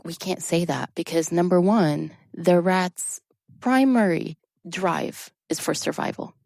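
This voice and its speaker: Lively, lower-voiced woman explaining. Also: unhurried, creaky, no room sound, clean studio sound. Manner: expressive, explaining with animated emphasis. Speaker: drama therapist guest. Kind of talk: conversational podcast interview.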